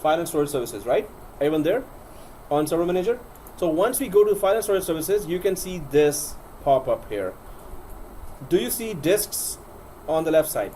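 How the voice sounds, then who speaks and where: A man's voice: fairly high pitch, sing-song, moderate pace, dark tone, slight background noise. A man teaching an IT class in a classroom, joking and laughing often as he walks students through each step. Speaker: IT instructor. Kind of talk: classroom lecture.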